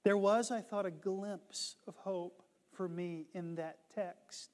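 A man preaching a sermon, retelling a conversion story and building to impassioned shouts. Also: high voice, steady tone, takes it slowly, in a large hall. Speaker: pastor.

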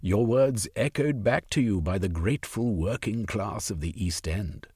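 A man's voice: fairly low pitch, moderate pace, dark tone, husky, dry recording, clean studio sound. A man voicing a passionate young aristocrat turned radical, pleading his case in a storybook reading. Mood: impassioned.

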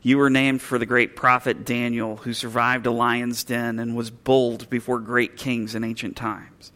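A man's voice: mid-range voice, flat delivery, measured pace, bright, forceful tone. A pastor voicing an earnest, proud father. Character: loving father coaching his young son.

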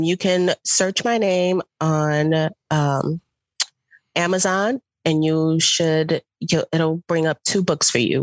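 A woman's voice: deep voice, no echo. A woman relationship coach chatting casually as a podcast guest, laughing easily and repeating words, a little under the weather. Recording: video call.

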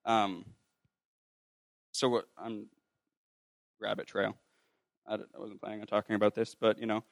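Young man, low gravelly voice, dry close sound, telling a rambling personal testimony. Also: level tone, moderate pace, dry recording. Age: young adult. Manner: rambling with many fillers and restarts; acts out quoted voices. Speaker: ministry student sharing a testimony.

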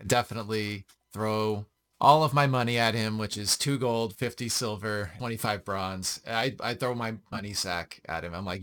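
A man's voice: on the low side, fairly even intonation, normal speed, a bit bright. A man playing a tabletop game, describing his character's actions. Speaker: player. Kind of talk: tabletop role-play.

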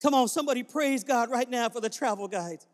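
A man's voice: very high voice, brisk. A male pastor preaching a sermon in a church, telling stories and then fervently urging the congregation to praise. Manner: storytelling, fervent, exhorting. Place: church sanctuary. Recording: reverberant church hall.

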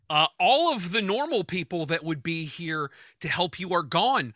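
A man's voice: high voice, animated, normal speed, hardly any pauses, music in the background. A man hosting a casual podcast chat, upbeat and joking, with lots of fillers and restarts. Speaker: podcast host. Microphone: remote call.

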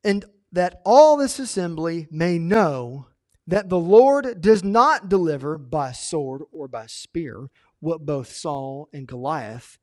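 A man preaching a sermon, animated, acting out the story's characters as he retells them. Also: a little high. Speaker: pastor.

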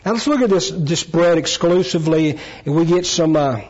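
A man with a slightly high voice teaches scripture in a sermon. He talks earnestly and with emphasis, stopping now and then to fix his wording. The recording is dull and lo-fi. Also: darkish tone. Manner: earnest, emphatic, with self-corrections and pauses. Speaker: preacher.

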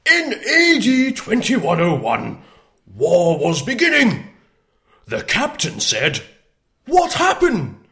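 A booming, theatrical older narrator, as a man puts him on in a comic impression, bellows his lines in a raised voice that swoops wildly up and down. He drags each word out slowly and hammily. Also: huge pitch swings, fairly bright tone, heavily acted. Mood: hammy. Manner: bellowing, halting, breaks into laughter.

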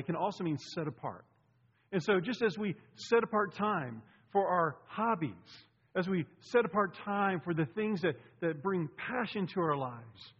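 A man's voice: on the high side, breathy edge. A middle-aged man preaching a sermon as pastor, talking conversationally with asides to the congregation. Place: church sanctuary. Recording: lo-fi recording with long hall reverb.

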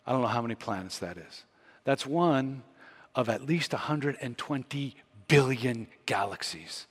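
A man's voice: medium pitch, lively intonation, normal speed, husky. A man preaching a sermon as pastor, teaching closely from scripture and building to emphatic peaks. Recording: long hall reverb.

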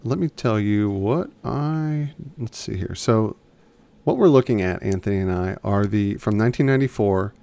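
A man's voice: fairly low pitch, expressive, moderate pace, gravelly, warm tone, clean tone. A man co-hosting a podcast in casual chat, rambling and often restarting his sentences. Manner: chatty, rambling, self-correcting. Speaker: podcast co-host.

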